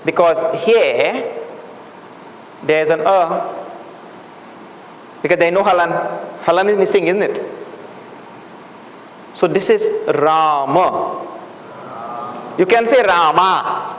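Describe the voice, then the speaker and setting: In an echoey hall with faint room noise, a man teaches a Sanskrit class, patiently explaining words, repeating them for his students, and asking them questions. His voice sits high and a bit bright, and he speaks slowly with long pauses.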